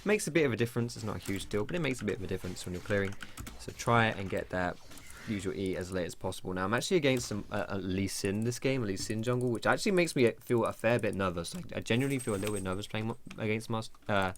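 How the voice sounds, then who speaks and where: A man's voice: on the low side, fast, slight background noise. A young man giving casual, rambling gameplay tutorial commentary from his computer at home. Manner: chatty, rambling, swears when surprised.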